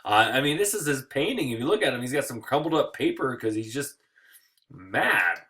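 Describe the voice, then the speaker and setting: A tired man teaching history in a recorded slideshow lecture, joking and acting out quick little voices. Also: mid-range voice, sing-song, pushed and bright.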